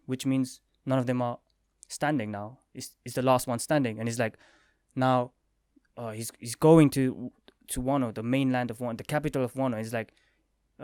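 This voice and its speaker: Excitable man reviewing a comic. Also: mid-range voice, dry recording, clean studio sound. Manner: excitable, retells scenes with quick quoted lines and sound effects. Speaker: manga review vlogger. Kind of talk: casual spoken review.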